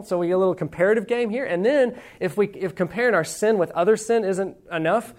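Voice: medium pitch, fast, few pauses, darkish tone. A preacher giving a sermon in a conversational way, asking the congregation rhetorical questions, reading quotations aloud with emphasis and dropping playful asides.

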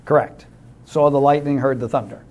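A man's voice: medium pitch, steady tone, normal speed, darkish tone, slight background noise. A man teaching a Bible study class in a conversational way, explaining with simple illustrations and calling on class members.

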